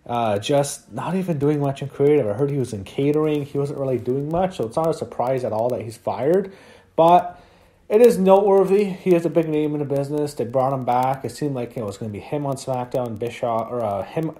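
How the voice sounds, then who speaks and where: Man, mellow dark voice, profane ranting, casual wrestling review. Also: medium pitch. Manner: profane, ranting, easily annoyed.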